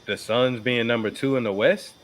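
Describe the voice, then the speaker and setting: A man's voice: medium pitch, steady tone, moderate pace, slight background noise. A man co-hosting a casual sports podcast, arguing his picks with emphatic slang. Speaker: podcast co-host.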